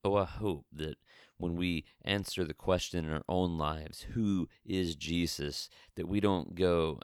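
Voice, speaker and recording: A man's voice: sits low, fairly even intonation, normal speed, a bit bright, clean tone, dry recording, clean studio sound. A man preaching a conversational Bible teaching, often restarting and repeating words as he goes. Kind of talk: sermon-style Bible teaching.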